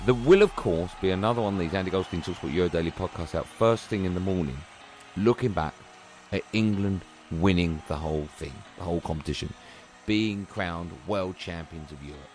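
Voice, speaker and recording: A man's voice: low-pitched, fairly quick, darkish tone, slight background noise. A male podcast host signing off an upbeat episode, confident and jokey. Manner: jokey, confident, playful predictions. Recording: voice over faint music.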